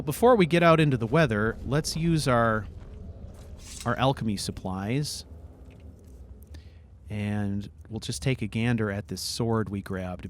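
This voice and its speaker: A man hosting a let's play, chatting casually over his gameplay, swearing freely and breaking into sudden excited outbursts. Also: on the low side, a little hiss or hum.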